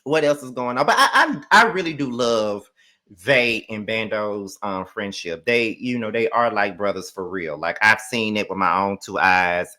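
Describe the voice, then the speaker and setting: A man hosting a casual reality show recap, ranting in an animated, profane and sassy way. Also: on the low side. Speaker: host.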